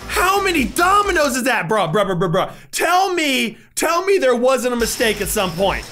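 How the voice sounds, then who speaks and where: A young man with a very high, bright voice, riffing through casual gaming commentary from a desk mic at home. He jokes constantly and breaks into loud, excited shouts. Faint music plays underneath. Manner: excitable, joking, bursts into shouts. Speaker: YouTuber.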